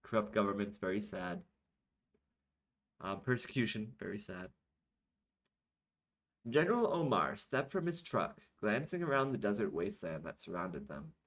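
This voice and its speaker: A low-voiced man reads his own novel aloud, worn out after a night without sleep. He narrates steadily but breaks off now and then to correct himself or make a quick aside. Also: big pitch swings, poor audio. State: tired from being up all night. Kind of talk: audiobook-style reading of a serialized novel.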